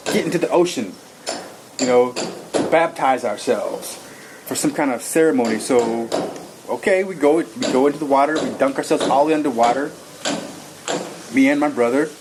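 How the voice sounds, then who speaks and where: A man telling a personal story in an interview. He rambles in an animated way and acts out his own lines as he goes. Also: mid-range voice. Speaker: interview guest. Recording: noisy recording.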